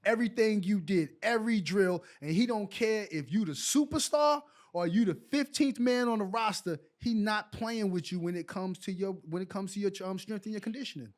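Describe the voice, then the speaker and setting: High-voiced man telling a lively story. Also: normal speed, few pauses. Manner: animated storyteller acting out quotes. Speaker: guest, former basketball player. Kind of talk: storytelling in a casual interview.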